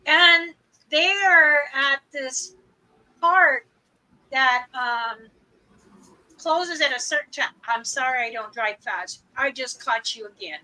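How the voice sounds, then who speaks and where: A woman's voice: high-pitched, slow pace, sharp tone, poor audio. An older woman hosting a livestream, telling a funny family story casually and laughing often as she goes. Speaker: livestream host. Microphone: streaming mic.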